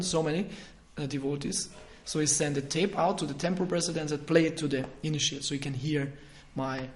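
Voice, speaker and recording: A man lecturing on scripture, somewhat high-pitched. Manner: conversational, chuckles often, swings between soft asides and emphatic bursts; frequent hesitations and self-corrections.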